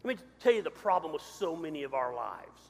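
A man preaching a sermon as pastor, swinging from loud to quiet. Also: on the high side, big pitch swings, brisk, vocal fry, breathy edge. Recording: hall reverb.

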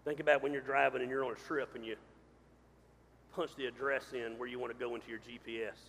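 A man preaching a sermon as pastor, swinging from loud to quiet. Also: medium pitch, little pitch movement, fast talker, slight background noise. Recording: hall reverb.

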